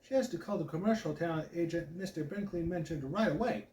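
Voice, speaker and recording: A man hosting a channel, reading a children's novel aloud in an expressive storytelling voice. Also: fairly high pitch, fast. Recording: echoey room, mic at a distance, faint background hiss.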